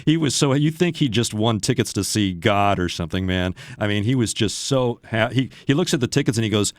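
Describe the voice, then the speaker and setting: A man's voice: lowish voice, lively intonation, brisk, no room sound. A man hosting a radio interview in the studio, chummy and easygoing, who laughs easily and keeps calling his guest "man". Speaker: radio host.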